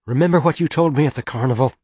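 A fierce young woman in an audiobook, sharp and accusing, her voice raised and a little husky, as a male narrator puts her on. The reading is dry and close, with no room around it. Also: mid-range voice, racing, no echo, voice pushed up, close to an everyday voice. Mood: angry, accusing. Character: young woman, furious and indignant.

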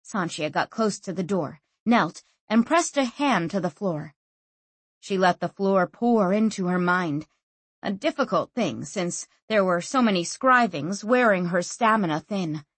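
Husky-voiced woman reading an audiobook. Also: medium pitch, animated, unhurried, dry recording. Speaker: audiobook narrator. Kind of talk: scripted fantasy audiobook narration.

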